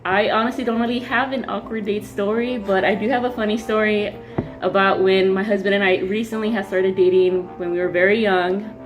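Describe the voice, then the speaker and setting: A woman with a mid-range voice tells a light story from her teens at an easy, calm pace. Music plays clearly behind her. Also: mid-range voice, brisk, lo-fi sound. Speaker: podcast guest. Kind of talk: casual storytelling.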